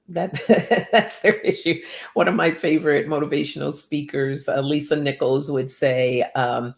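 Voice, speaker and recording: A woman's voice: low-pitched, fairly even intonation, unhurried, vocal fry. A woman giving casual oracle card readings to viewers by name, chatty and upbeat, laughing often.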